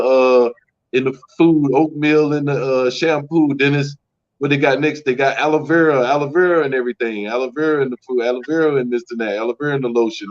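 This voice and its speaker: A man co-hosting a podcast, talking casually with hesitant ums and rapid lists. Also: mid-range voice, highs cut off. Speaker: podcast co-host. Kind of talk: casual chat.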